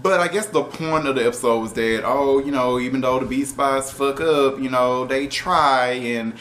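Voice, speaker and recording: A man's voice: medium pitch, moderate pace. Exasperated, profane male show reviewer. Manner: animated, exasperated, profane, laughing asides. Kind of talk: casual review vlog.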